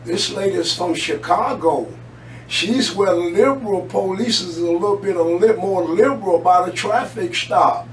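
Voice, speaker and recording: A man's voice: sits high, normal speed, music in the background. A man co-hosting a talk radio show, delivering heated, preachy commentary and swearing freely. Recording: roomy, distant mic with faint hum.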